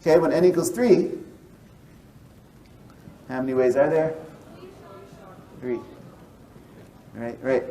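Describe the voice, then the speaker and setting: A man's voice: mid-range voice, takes it slowly, long pauses, warm tone, far from the mic, low-quality recording. Man explaining math, heard from afar. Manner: explains step by step, checks in with "right?". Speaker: mathematician. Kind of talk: explanatory lecture and interview.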